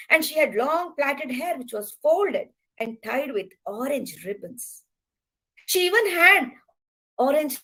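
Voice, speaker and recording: Woman doing kids storytime, high voice, super expressive. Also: husky, low-quality recording. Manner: expressive, animated, addresses listeners. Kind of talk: children's storytelling.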